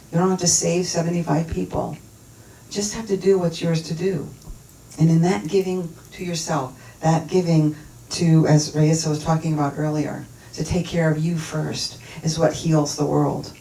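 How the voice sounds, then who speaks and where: A woman minister delivers a sermon in an earnest, storytelling manner, leaning on repetition for emphasis. Her voice sits low, picked up from a distance in a roomy, echoing sanctuary. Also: dark tone. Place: church sanctuary. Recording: roomy hall, mic at a distance.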